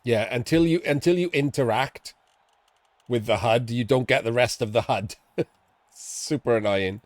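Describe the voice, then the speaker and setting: A man commentates a live video game tournament match in an excitable, chatty way, quick to laugh and to swear offhandedly. His voice sits at an ordinary middle pitch. The sound is close and dry. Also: dry recording. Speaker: esports commentator.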